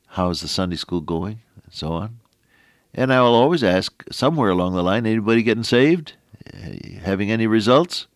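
A man's voice: low voice, no echo, studio quality. A middle-aged man preaching a radio sermon in a folksy, conversational way, with asides to the listener.

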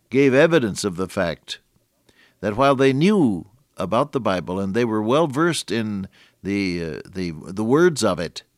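An older man giving a folksy, earnest radio sermon, reading scripture slowly and solemnly. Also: on the low side, no echo, clean studio sound. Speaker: radio preacher.

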